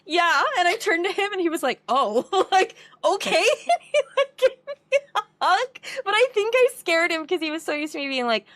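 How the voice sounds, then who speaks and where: A woman's voice: very high voice, big pitch swings, a little fast, fairly bright tone, dry recording. A young woman co-hosting a podcast, chatting casually and laughing often as she retells family moments. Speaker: podcast co-host. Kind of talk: casual chat.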